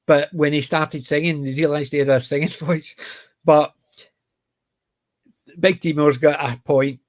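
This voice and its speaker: A man's voice: a little high, steady tone, unhurried. A Scottish man with a light Glaswegian accent, chatting casually on a panel and retelling stories. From Scotland. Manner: chatty, storytelling with repeated phrases. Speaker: panel host. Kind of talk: casual chat.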